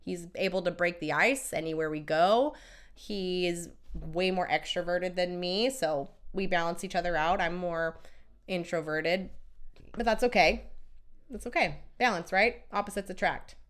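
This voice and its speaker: A woman's voice: lowish voice, measured pace. A woman hosting a casual live stream as a relationship coach, talking emphatically and chattily while she has a cold and keeps coughing. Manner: emphatic and chatty, with frequent "right?" and repeated words.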